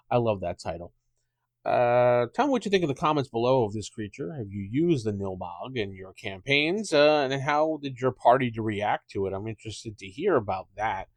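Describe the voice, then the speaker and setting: A man's voice: lowish voice, expressive, fairly quick, no room sound. Rambling man, dry close mic. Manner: rambling, thinks out loud with many fillers. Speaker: podcast host. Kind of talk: casual podcast chat about tabletop gaming.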